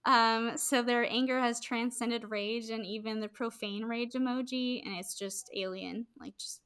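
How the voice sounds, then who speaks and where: A woman's voice: fairly high pitch, steady tone, measured pace, a bit bright, smooth. A woman co-hosting a podcast in casual chat, chatty and wordy, laughing often. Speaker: podcast co-host.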